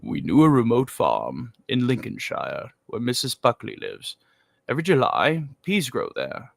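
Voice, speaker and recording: A man's voice: medium pitch, wildly swooping pitch, a little slow, gravelly, no echo, pitched below the performer's own voice, heavily acted. A man doing an impression of a pompous, irritable older actor, reading ad copy with haughty, sweeping emphasis in a comic dramatic reading. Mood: grand.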